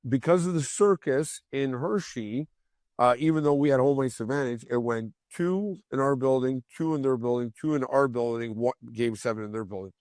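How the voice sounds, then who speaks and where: A man in his forties, a former hockey player guesting on a podcast, telling rowdy stories in a casual, heavily profane way and loudly acting out the lines of other people. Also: mid-range voice, normal speed, no echo, clean studio sound. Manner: profane, animated, acts out quoted lines loudly.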